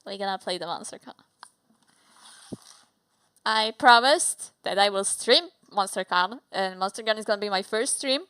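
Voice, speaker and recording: A woman's voice: medium pitch, normal speed, long pauses, sharp tone, smooth, no echo. A young woman, a native Polish speaker with a Polish accent, chatting casually on a livestream, giggly and bubbly with playful swearing. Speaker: streamer.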